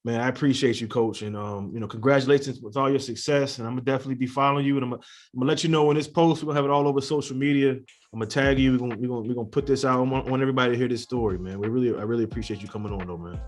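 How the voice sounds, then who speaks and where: A man's voice: medium pitch, steady tone, very fast. A man hosting a podcast, wrapping up an interview with a guest in casual chat. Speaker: podcast host.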